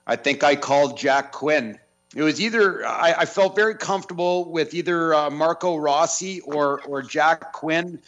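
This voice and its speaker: A man's voice: a little high, moderate pace, a bit bright, muffled recording. A man co-hosting a sports talk radio show, speaking hesitantly with many fillers. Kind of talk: casual sports radio chat.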